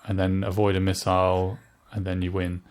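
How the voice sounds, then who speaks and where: Joking low-voiced podcast co-host man. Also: little pitch movement, normal speed, darkish tone. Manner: joking, playful asides. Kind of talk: casual chat about retro games.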